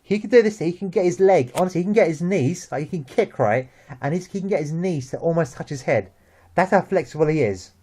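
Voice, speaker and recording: A young man with a London accent, chatting about football as host, lively and full of restarts and repeated words. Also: a little high, fairly quick. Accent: London English. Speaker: vlog host. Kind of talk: casual football chat.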